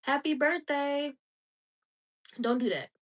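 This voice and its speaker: A woman's voice: high-pitched, takes it slowly, far from the mic. A woman giving an emotional, preachy faith monologue, repeating her exhortations with passion and at times crying. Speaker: vlogger.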